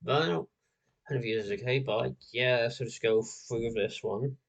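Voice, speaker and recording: Rambling nineteen-year-old guy, gravelly. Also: medium pitch, moderate pace. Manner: rambling, full of "like" and restarts. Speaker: streamer. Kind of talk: casual chat.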